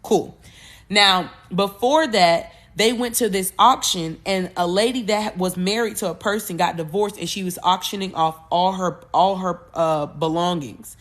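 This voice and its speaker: A woman hosting a podcast, retelling a movie plot in a loose, animated way, with cursing and frequent self-corrections. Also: on the low side, normal speed, hardly any pauses. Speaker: podcast host.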